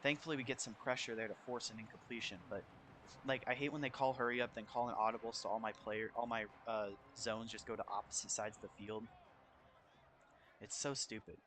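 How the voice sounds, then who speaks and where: A man's voice: lowish voice, a little fast, a little hiss or hum. A young man in his college years giving casual play-by-play commentary over his football video game, keeping his voice down at home. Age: young adult. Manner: casual, chatty, spikes with excitement on big plays. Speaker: gameplay commentator. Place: shared home, speaking quietly for roommates.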